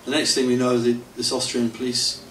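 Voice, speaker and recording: A man's voice: medium pitch, completely flat delivery, a little fast, fairly bright tone. A middle-aged man with a rambling, self-mocking manner, telling stories to an audience and often chuckling. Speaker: devotee telling stories at a temple anniversary. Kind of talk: anecdotal storytelling to an audience. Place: temple hall. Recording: roomy, distant hall mic with faint hiss.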